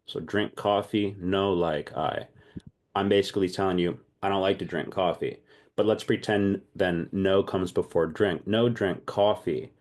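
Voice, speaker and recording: A man leading an online language class, lively and thinking aloud, often repeating himself. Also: sits low. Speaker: language teacher.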